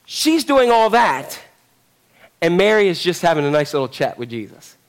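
A man's voice: high-pitched, very animated, normal speed. A man preaching a sermon, telling a story animatedly and acting out the characters. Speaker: pastor.

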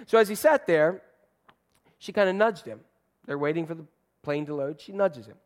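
A man's voice: fairly high pitch, animated, moderate pace. A man preaching a sermon, telling a story in a loose, chatty way with fillers and restarts. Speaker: pastor.

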